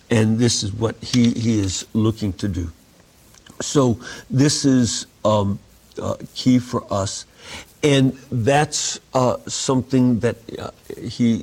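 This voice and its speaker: A man leading a Bible study, reading scripture slowly and explaining it in a measured way, jumping up in pitch to stress a point. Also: a little mellow.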